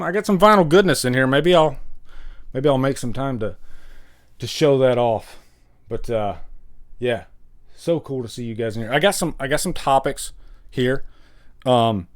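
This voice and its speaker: Man, livestream host, rambling casual chat, lively pitch, slightly high voice. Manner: rambling, greets chat viewers by name. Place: home room with vinyl records.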